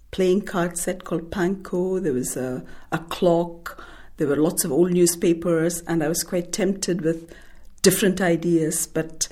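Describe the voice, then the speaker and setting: A woman from India, an author, talking about her short story and then reading it in a measured, thoughtful way. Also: low voice, dark tone.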